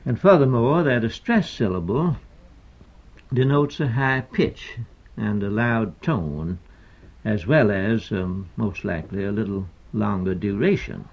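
On a dull, lo-fi archival recording, an older poet, a man, gives a lecture about meter. His voice is lowish, animated and creaky, and he moves slowly and deliberately, hesitating often and filling gaps with pauses and fillers.

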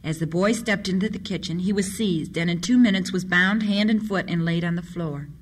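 A storyteller reading children's stories aloud in a steady, expressive way. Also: medium pitch, a little fast, slight background noise.

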